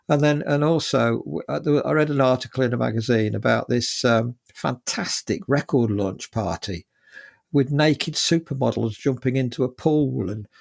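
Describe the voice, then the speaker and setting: Gravelly older English man telling stories. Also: mid-range voice, darkish tone. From England. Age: 70s. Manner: chatty, rambling with many fillers. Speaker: guest musician. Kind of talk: casual anecdotal storytelling.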